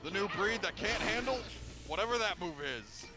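A man chatting as a co-op gaming partner, excitable and swearing freely. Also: high-pitched, moderate pace, over loud music. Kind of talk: casual co-op gameplay chat.

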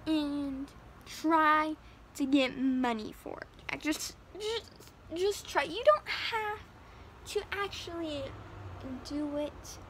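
A woman's voice: high-pitched, takes it slowly, a bit bright, slight background noise. A woman doing an exasperated, nagging storybook mother. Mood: pleading. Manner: nagging, pleading.

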